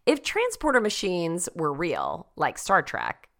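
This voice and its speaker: A woman's voice: fairly low pitch, wildly swooping pitch, takes it slowly. A woman hosting a lifestyle segment, chatty and upbeat, laughing easily as she goes through tips. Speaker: host.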